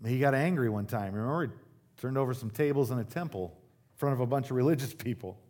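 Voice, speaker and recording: A man's voice: medium pitch, fast talker, darkish tone. A man preaching a sermon to a church congregation, conversational and joking, with sudden emphatic rises. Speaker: pastor. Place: church service.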